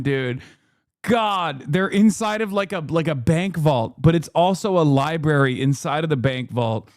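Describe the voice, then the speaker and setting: A man's voice: a little high, animated, measured pace, no echo, clean studio sound. A man streaming live, reacting with crude, sarcastic commentary and frequent laughter.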